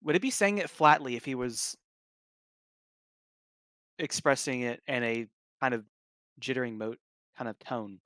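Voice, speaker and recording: A man's voice: mid-range voice, measured pace, pauses often, a bit bright, no room sound. A man reading a story aloud on a live stream, casually breaking off to comment. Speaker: story reader, stream host.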